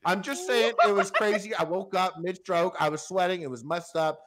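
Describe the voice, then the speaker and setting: A podcast host in his twenties spins out a lengthy tale, wandering along with fillers and false starts. He speaks at a normal speed in a high-pitched, slightly bright voice.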